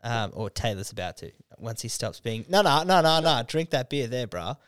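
Young male podcast host, laid-back chatter with a bouncy, expressive voice, dry close sound. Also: mid-range voice, moderate pace, clean tone, no echo. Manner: laid-back, laughing along. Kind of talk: casual podcast chat.

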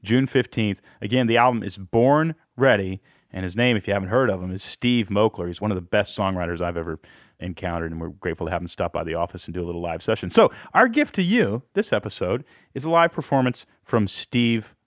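A man's voice: lowish voice, brisk, dry recording, studio quality. A man hosting a podcast in casual talk, earnest and openly enthusiastic. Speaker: podcast host.

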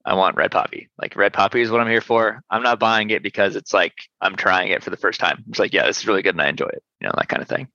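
A man with a gravelly, somewhat low voice talks about his work in a loose, easygoing way, scattering fillers and curse words through his talk. His tone has a bright edge. The recording sounds dry and a little muffled. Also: fast, few pauses, no echo. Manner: loose and profane, many fillers. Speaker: sour beer brewery owner, guest. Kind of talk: casual interview chat.

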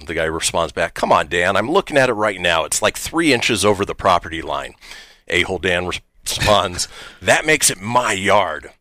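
A man hosting a radio show, reading funny text messages aloud with lively, laughing delivery. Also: low voice, moderate pace, no room sound. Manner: lively, laughs between punchlines, switches voices for the quotes. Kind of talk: reading texts aloud on air, casual chat.

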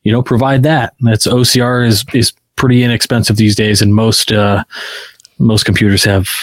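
A man co-hosting a podcast in casual chat, talking in a relaxed, rambling way with lots of fillers. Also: on the low side, moderate pace. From Illinois, US. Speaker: podcast co-host.

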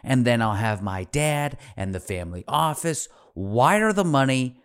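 A man's voice: medium pitch, sing-song, measured pace, smooth. A man hosting a podcast who tells a story dramatically, acting out quotes and swearing freely. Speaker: podcast host.

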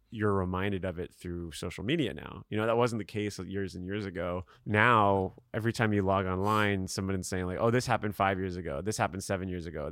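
Podcast co-host, young man from South Florida, low voice, dry close sound, musing and rambling. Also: a bit bright, dry recording. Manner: reflective, rambling with many fillers. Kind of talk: casual podcast chat.

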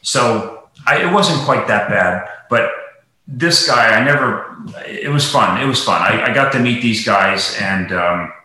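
Brief: male guest, bright rambling delivery full of fillers, very echoey room. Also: mid-range voice, animated, unhurried. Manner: rambling, many fillers and restarts. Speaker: guest, golf professional. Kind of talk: casual interview talk.

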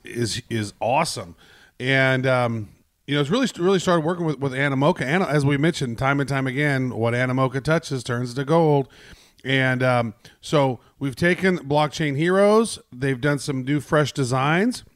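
A man's voice: mid-range voice, moderate pace, no echo, clean studio sound. A man co-hosting a podcast in casual chat, talking loosely with lots of fillers and the odd curse. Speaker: podcast co-host.

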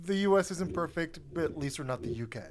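A man's voice: on the high side, animated, quick pace, a little mellow, slight background noise. A man co-hosting a casual podcast, wry and opinionated, tossing in quips. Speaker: podcast co-host. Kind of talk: casual chat.

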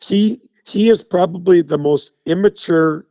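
Middle-aged man telling lively anecdotes. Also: high voice, a little slow, creaky, no room sound. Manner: animated anecdote teller. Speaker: guest. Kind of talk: casual radio chat. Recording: slightly dull, dry sound.

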